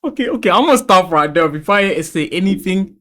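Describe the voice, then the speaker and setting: South african guy reacting to a vid, slangy and loud, voice jumps all over, kinda high. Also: brisk. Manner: animated, loud interjections, slangy and profane. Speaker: YouTube reactor. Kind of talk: casual reaction commentary.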